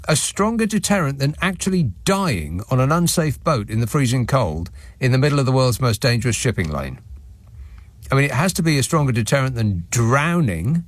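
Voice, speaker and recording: This radio talk show host, a man with a medium-pitched, sing-song voice, mocks the listener messages he reads during a studio phone-in show. He speaks at normal speed through a studio microphone with no echo.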